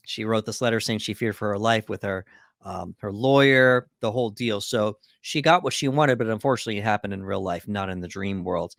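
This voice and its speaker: Gravelly low-voiced man recapping a film. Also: steady tone, brisk, fairly bright tone, no room sound, clean studio sound. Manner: recaps plot from notes, with fillers. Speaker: podcast co-host. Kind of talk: casual film breakdown chat.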